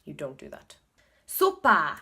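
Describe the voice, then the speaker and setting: A woman's voice: low-pitched, wildly swooping pitch, unhurried, bright, forceful tone, slightly rough. A woman with an Irish accent chatting casually in a study vlog, thinking aloud and repeating words to practise them. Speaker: video blogger learning Korean.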